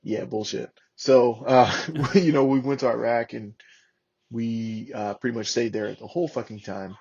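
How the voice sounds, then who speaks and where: A man's voice: medium pitch, normal speed, gravelly, breathy edge. A man in his thirties, a former Marine, telling war stories casually on a podcast, swearing freely and acting out the people he quotes. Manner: profane, animated, acts out shouted quotes. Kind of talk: casual storytelling. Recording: lo-fi podcast audio.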